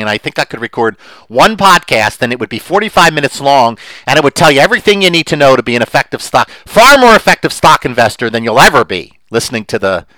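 Animated, emphatic podcast host, bright voice. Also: male voice, medium pitch, no room sound, rough recording. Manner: animated and emphatic, gets worked up; rambling with restarts and asides. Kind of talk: opinionated solo podcast monologue.

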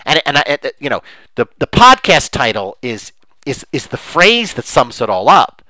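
A man's voice: medium pitch, very animated, normal speed, sharp tone, no room sound, rough recording. A man hosting a podcast, arguing emphatically and impassioned, with frequent restarts. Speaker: podcast host. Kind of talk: opinionated podcast talk.

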